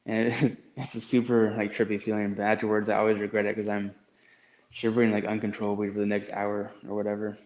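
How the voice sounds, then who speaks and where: A man's voice: lowish voice, monotone, quick pace, darkish tone, roomy sound, muffled recording. A man from the United States answering interview questions in a hesitant way, with many fillers. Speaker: guest athlete.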